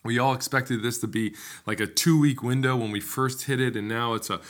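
A man hosting a faith podcast, speaking earnestly and conversationally. He works through scripture with plenty of fillers and quick restarts. His voice sits at an ordinary middle pitch. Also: fairly even intonation. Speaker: podcast host. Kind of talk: casual devotional podcast talk.

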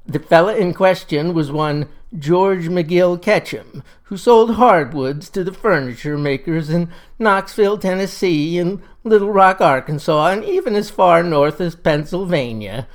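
A man's voice: sits high, lively intonation, measured pace, few pauses. A grandiloquent old Mississippi farmer, as a man puts him on, talking. He lays out his views in mock-genteel, rambling sentences, in the manner of a satirical comic monologue. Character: folksy older male Mississippi farmer, pompous crank.

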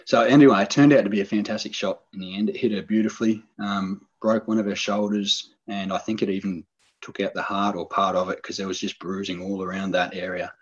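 Middle-aged man, low husky voice, animated storyteller, muffled recording. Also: fairly quick. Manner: animated, excited storyteller, acts out quoted lines. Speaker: podcast guest telling a hunting story. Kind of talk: casual storytelling chat.

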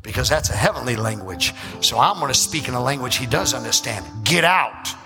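A male pastor preaching a sermon, acting out church members and rising into shouts. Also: medium pitch, expressive, creaky. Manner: acts out church members in quick asides. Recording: reverberant hall with music behind.

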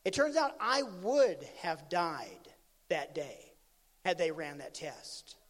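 Slowly and in a high-pitched voice, a pastor delivers a sermon built around a story, alternating lively loud outbursts with hushed asides. His voice carries the long reverb of a big hall.

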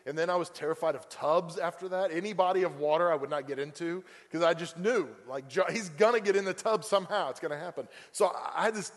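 A man's voice: fairly high pitch, fast talker, few pauses. A male pastor preaching a sermon in a conversational way, full of fillers and acted-out quotes. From Oklahoma. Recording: long reverb of a church hall.

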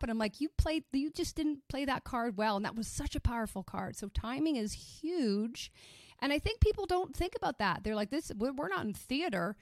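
A woman sales coach in a casual podcast conversation, talking in an animated, emphatic way with quick restarts. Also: on the high side, no room sound, clean studio sound.

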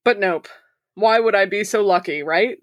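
A woman's voice: medium pitch, normal speed, dry recording. A woman hosting a podcast, reading listener stories aloud in a casual way, swearing freely and laughing often. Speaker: podcast host.

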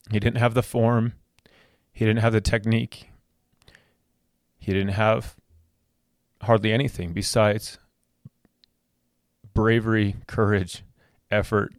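Low-voiced dad telling a heartfelt story. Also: male voice, flat delivery, slow pace, gravelly, pauses often, dry recording, clean studio sound. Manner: heartfelt, repetitive restarts. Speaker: podcast host. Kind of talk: personal storytelling.

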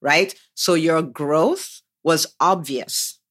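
A woman's voice: low voice, very slow, a bit bright. A woman hosting a business podcast, enthusiastically unpacking and praising her guest's story in an interview chat. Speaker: podcast host and business coach.

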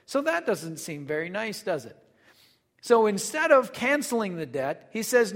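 A fairly high-pitched man leads a Bible study, reading verses and then unpacking them in relaxed, chatty asides. His voice hangs in a long, lingering reverb. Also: measured pace. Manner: reads scripture then explains in loose conversational asides. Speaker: Bible teacher. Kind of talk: casual Bible study teaching.

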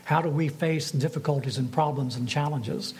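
A man, a pastor, preaching a sermon in a measured way and putting rhetorical questions to his congregation. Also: on the high side, a little mellow, poor audio.

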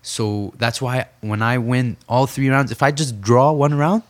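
A young man, a professional boxer, telling an intense story in a conversational interview and slowing down to stress his key points. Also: medium pitch, fairly even intonation. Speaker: professional boxer, podcast guest.

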